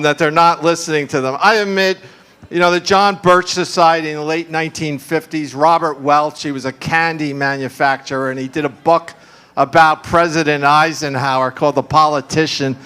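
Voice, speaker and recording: On a live conference panel, a man speaks at normal speed in a smooth, fairly bright voice that sits on the high side with fairly even intonation. He's discursive, packing his talk with fillers and asides, and he laughs often.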